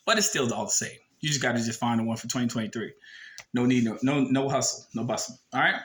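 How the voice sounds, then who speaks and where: A man's voice: medium pitch, fast talker, fairly bright tone, rough recording. A man casually explaining a form and reading it aloud, talking bluntly with emphatic rhetorical questions and some swearing. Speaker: video presenter.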